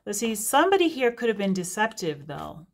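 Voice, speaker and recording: A woman's voice: medium pitch, very animated, fairly quick. Chatty, rambling woman reader. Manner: chatty, rambling, prone to laughing digressions. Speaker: tarot reader. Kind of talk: casual unscripted reading to camera.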